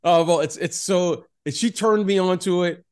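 A man co-hosting a podcast in casual chat, animated and repeating himself as he keeps turning to his co-host. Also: high-pitched, normal speed, clear, resonant tone.

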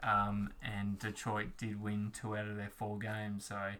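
A man co-hosting a sports podcast, wry and quick with quips. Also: lowish voice, completely flat delivery, bright, forceful tone. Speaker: podcast co-host. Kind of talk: casual sports podcast chat.

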